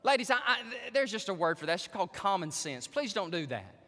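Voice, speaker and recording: Male pastor, sermon delivery, bright lively high voice, long hall reverb. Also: a little fast. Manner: animated storytelling, addresses the women in the audience directly.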